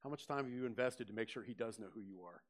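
Male pastor, lively sermon delivery, questions to the room. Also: lowish voice, fast talker. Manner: animated preaching, questions to the congregation, rising loud on quoted scripture.

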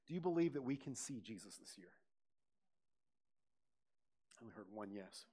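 Male pastor, lively sermon delivery, questions to the room. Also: on the low side, moderate pace, breathy edge. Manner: animated preaching, questions to the congregation, rising loud on quoted scripture.

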